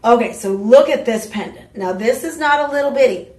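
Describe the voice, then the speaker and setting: A woman hosting a live home shopping show, pitching jewelry in a chatty, exuberant way with playful asides. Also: animated, a little fast, a little mellow. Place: TV shopping studio. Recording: roomy studio sound, mic at a distance.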